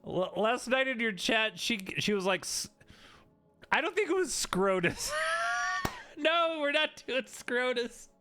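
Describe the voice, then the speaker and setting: Male streamer, playful and jokey, high, animated voice. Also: unhurried. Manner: playful, giggly, riffs on chat jokes. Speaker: game streamer. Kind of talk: casual chat while streaming a game.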